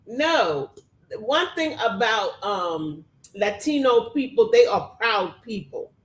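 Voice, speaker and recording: A woman co-hosts a casual recap, speaking emphatically with a slightly high voice. The room around her is echoey. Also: very animated, slow pace. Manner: chatty, emphatic commentary. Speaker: co-host.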